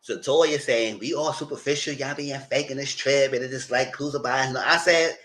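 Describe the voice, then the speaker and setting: A man's voice: mid-range voice, moderate pace, a bit bright. Guy doing casual live recap talk, blunt and chatty, aave, normal mid voice. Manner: chatty, blunt, acts out what he told the cast. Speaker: commentary channel host. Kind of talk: casual livestream commentary.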